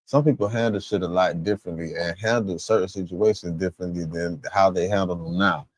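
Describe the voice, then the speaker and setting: A man's voice: deep voice, steady tone, brisk, no echo. A man hosting a stream who gives rambling, profane reaction commentary and sometimes gropes for words. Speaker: stream host.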